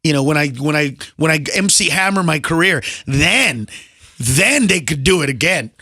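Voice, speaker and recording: A male comedian tells his stories in a bright, fairly high voice that swings widely up and down. He sounds close and dry in a radio studio. He often slips into other people's voices. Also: normal speed, dry recording. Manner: animated storyteller, slips into voices. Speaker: stand-up comedian, guest. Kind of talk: casual radio interview.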